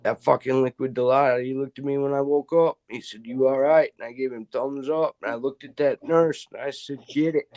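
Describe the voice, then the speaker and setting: A man's voice: medium pitch, fairly even intonation, brisk, hardly any pauses, darkish tone. A middle-aged man in casual chat, telling rambling stories full of swearing. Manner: profane, rambling storyteller.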